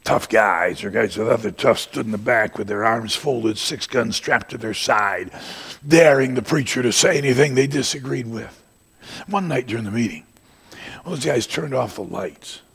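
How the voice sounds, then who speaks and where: An older preacher delivers a sermon in a gravelly, very husky voice. He builds to loud shouted peaks, then sinks back into low asides. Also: animated, moderate pace. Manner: rising to shouts, then dropping to quiet asides.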